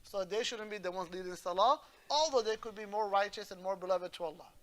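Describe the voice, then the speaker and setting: A man teaching a religious class as imam, his voice bright and forward. He explains points patiently and keeps pausing to check that his listeners follow along. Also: sits high. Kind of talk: religious lesson.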